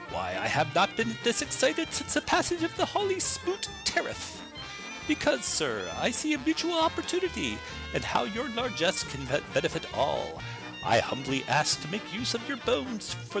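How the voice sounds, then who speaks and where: A man's voice: sits high, vocal fry, heavily acted, rough recording. Man putting on a pompous old-timey magnate. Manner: florid, grandiose old-timey oratory. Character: pompous turn-of-century male patent-medicine magnate. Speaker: listener sending in a bit.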